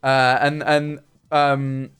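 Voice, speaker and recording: A man's voice: mid-range voice, level tone, drawn-out words, a bit bright, clear, resonant tone. A man, chatting casually on a livestream and telling rambling, jokey stories. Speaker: streamer.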